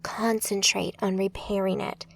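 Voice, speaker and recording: A woman voicing a calm, capable woman mage ally who speaks in a hushed way. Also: mid-range voice, measured pace, creaky.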